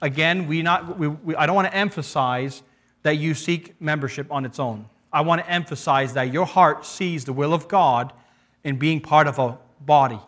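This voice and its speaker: A man preaching a sermon earnestly, reading verses aloud and pausing to restart his thoughts. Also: a little high, a bit bright. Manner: earnest, with frequent restarts and pauses to read scripture.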